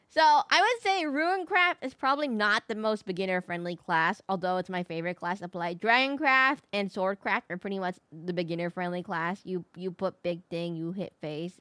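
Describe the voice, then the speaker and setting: Chatty woman streamer with a bright voice. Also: on the low side, moderate pace, clean tone, no room sound. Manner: chatty, laughing, distracted. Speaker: game streamer. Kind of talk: live gameplay commentary.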